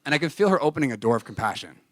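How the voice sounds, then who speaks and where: A young adult man preaching, telling a personal story in an animated, confessional way and acting out dialogue. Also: mid-range voice, very fast, no echo. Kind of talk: storytelling sermon.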